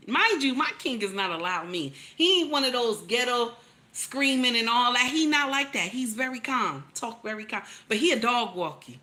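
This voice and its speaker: Emphatic woman with a bright voice. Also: fairly high pitch, lively intonation, normal speed. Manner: emphatic, repeats lines, calls out to listeners. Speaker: relationship commentator. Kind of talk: casual preachy commentary.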